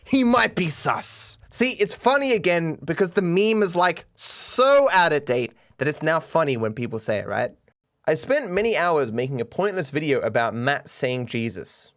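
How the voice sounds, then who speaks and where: A young Australian man reacts to fan memes in a casual stream commentary. His slightly high voice swings widely in pitch, and he keeps a wry, self-mocking tone with small chuckles. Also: animated, moderate pace, fairly bright tone.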